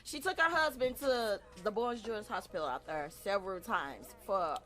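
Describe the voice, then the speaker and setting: A woman's voice: mid-range voice, normal speed, fairly bright tone. A woman co-hosting a casual podcast, loosely retelling a news story and leaning on "basically" and "right?" as she goes. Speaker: podcast co-host.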